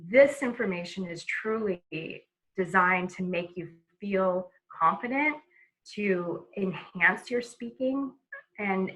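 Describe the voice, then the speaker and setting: A woman giving a relaxed webinar lesson on a video call, talking casually with many fillers and restarts. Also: mid-range voice, rough recording. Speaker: presenter.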